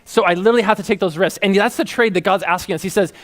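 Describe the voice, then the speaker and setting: This is a male preacher with a notably high voice who talks in a loose, chatty way. He is animated and keeps breaking into playful acted-out voices and laughter. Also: fast talker, hardly any pauses. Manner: animated, conversational, acts out voices, laughs often. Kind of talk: sermon.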